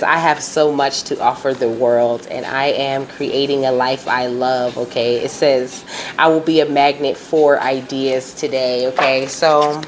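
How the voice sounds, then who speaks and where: A woman's voice: low-pitched, noisy background. A woman giving a casual tarot reading, chatty and slangy, laughing often. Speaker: tarot reader.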